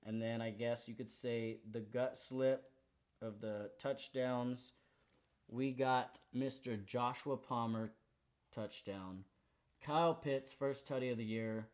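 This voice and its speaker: A man's voice: mid-range voice, steady tone, takes it slowly. A young man hosting a sports betting show, running through his picks in a slangy, hyped, confident way. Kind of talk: casual betting picks rundown.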